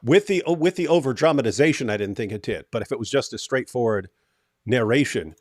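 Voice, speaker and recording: A man's voice: medium pitch, lively intonation, a little fast, no room sound, studio quality. A man hosting a casual livestream, reading viewer comments aloud and giving feedback on a video. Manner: thinks aloud, reads chat comments. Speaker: host.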